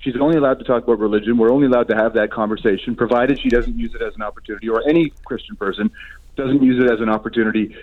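A man, a guest on a radio show, telling stories in quick, animated casual chat. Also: mid-range voice, phone-quality sound.

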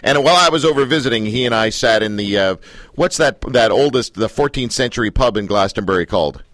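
Lively, jokey radio talk host man. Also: medium pitch, no room sound. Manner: jokey, animated, quick asides. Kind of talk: radio talk show chat.

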